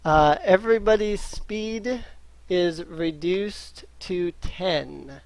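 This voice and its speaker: A man running a tabletop game as game master, pausing often with ums. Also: sits high, creaky, no room sound. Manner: hesitant, many ums.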